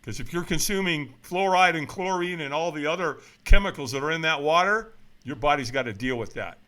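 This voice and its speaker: Forceful, emphatic man in his seventies. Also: a little high, expressive, a little fast. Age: 70s. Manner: emphatic, preachy, blunt motivational delivery. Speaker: guest. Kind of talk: casual interview talk.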